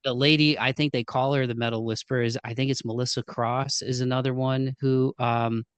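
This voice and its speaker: A man's voice: mid-range voice, level tone, fairly quick, smooth, no room sound. A man hosting a podcast, chatting loosely with plenty of "like" and "um", circling back as he talks. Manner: rambling, lots of fillers and restarts, name-dropping. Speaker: podcast host. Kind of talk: casual podcast interview.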